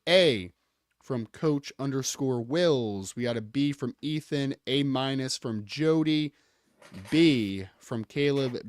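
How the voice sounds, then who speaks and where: A man's voice: medium pitch, dry recording. A man co-hosting a sports podcast, speaking casually and reading viewer comments off a list.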